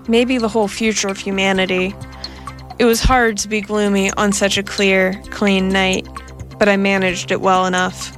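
A woman narrates an audiobook in a slow, unhurried way. Her voice sits at a middling pitch and her phrasing is deliberate. Soft music plays faintly behind her. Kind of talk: audiobook reading of a science fiction story.

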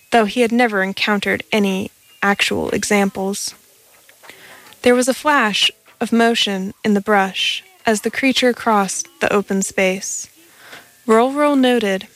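A woman with a mid-range voice reads a science fiction story aloud plainly, stumbling now and then. She is the narrator, and the recording quality is rough.

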